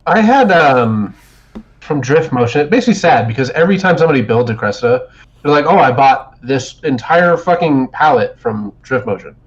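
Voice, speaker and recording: A man's voice: mid-range voice, expressive, moderate pace. A man co-hosting a podcast, telling a long profane story in a rambling way with many restarts. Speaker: podcast co-host. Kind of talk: casual chat. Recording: dull lo-fi stream audio.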